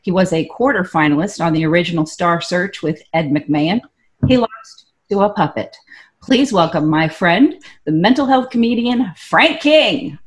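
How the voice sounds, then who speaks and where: A woman's voice: lowish voice, expressive, moderate pace. Woman reading a speaker introduction. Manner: upbeat, building to a cheer. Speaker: event host introducing the speaker. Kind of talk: scripted introduction.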